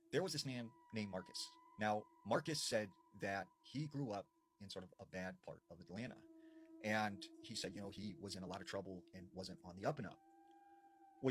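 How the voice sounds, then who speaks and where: A man narrates paranormal tales in a loose, conversational way, peppering his lines with little fillers. His voice sits fairly low yet moves up and down with plenty of life. A faint noise hums under the recording. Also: a bit bright. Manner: chatty retelling with frequent fillers. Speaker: storyteller. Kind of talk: casual spoken horror storytelling.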